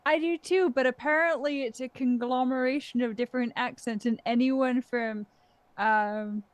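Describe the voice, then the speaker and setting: A woman's voice: high voice, fairly even intonation, normal speed, no room sound. A woman playing in a tabletop game, chatting casually in an easygoing way. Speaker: player. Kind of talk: casual chat.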